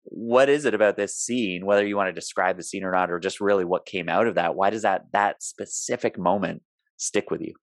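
Male podcast host, very low gravelly voice, casual and searching delivery. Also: a little fast, no room sound. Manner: casual, searching, restarts often. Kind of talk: conversational interview.

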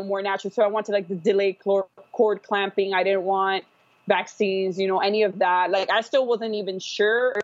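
A woman's voice: medium pitch, no room sound. A woman telling her own story as a podcast guest, rambling with fillers and restarts. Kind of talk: casual personal storytelling. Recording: dull, dry podcast audio.

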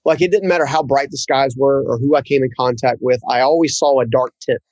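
A man who is a guest in an interview, telling a personal story in an earnest, halting way and often repeating words. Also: mid-range voice, darkish tone, dry recording, muffled recording.

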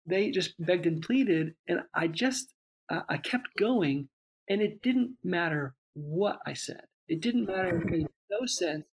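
A man, a father, in relaxed conversation, telling a long reflective story with many restarts and asides. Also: a little high. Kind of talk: casual chat.

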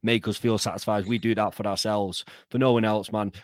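A man's voice: on the low side, fairly even intonation, a little fast, dry recording, clean studio sound. A man hosting a podcast who talks in an enthusiastic, affirming, motivational way. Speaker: podcast host. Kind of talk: casual conversational interview.

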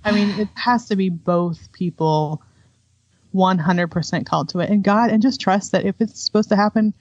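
A woman's voice: mid-range voice, moderate pace, darkish tone, dry recording, dull audio. A woman guest, an adoptive homeschooling mother, speaking candidly in a conversational interview and laughing often.

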